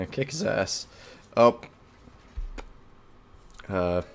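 Lowish gravelly guy playing a game, laughs a lot, swears when stuff surprises him. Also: animated, drawn-out words. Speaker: gamer playing a video game. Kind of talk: casual let's-play commentary.

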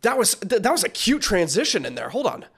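A man hosting a reaction video in casual commentary, excitable and rambling, often stumbling over his words. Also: high-pitched, a little fast, creaky, husky.

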